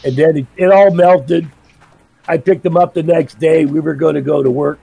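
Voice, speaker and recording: A man's voice: fairly high pitch, fairly even intonation, normal speed, creaky, dark tone, breathy edge, low-quality recording. A middle-aged man streaming a game, telling blunt, profane stories in casual chat. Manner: blunt, profane storytelling with laughs. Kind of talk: casual chat while gaming.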